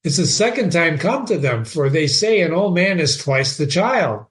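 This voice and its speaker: A witty young courtier, read by a man, with barely any change from the reader's own voice. The delivery stays plain and even, as in a casual read-aloud of a play. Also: fairly high pitch, moderate pace.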